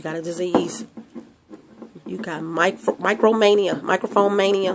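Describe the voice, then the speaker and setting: A woman's voice: fairly low pitch, level tone, moderate pace, very noisy. A woman host talking through her nose with sniffles, chatting loosely about her hair product, rambling with many restarts and fillers, into a handheld mic. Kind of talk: casual product vlog. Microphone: handheld microphone.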